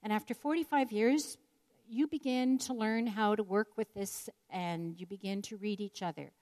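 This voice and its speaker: A woman's voice: mid-range voice, moderate pace, a little mellow. An older woman telling a personal story in an earnest, reflective devotional talk. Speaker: speaker sharing a personal story.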